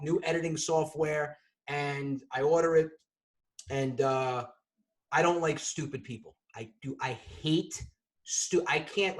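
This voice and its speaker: A man spins a comic story at speed, animated and quick to burst into shouting. His voice sits a touch high for a man, and he talks over a video call on his computer. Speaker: comedian and guest. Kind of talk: comedic storytelling on a podcast.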